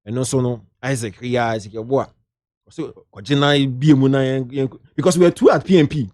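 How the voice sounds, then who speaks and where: A middle-aged man with a Ghanaian accent, an entertainment journalist sharing lively anecdotes in a casual interview, slipping into local slang. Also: mid-range voice, brisk, no room sound, clean studio sound.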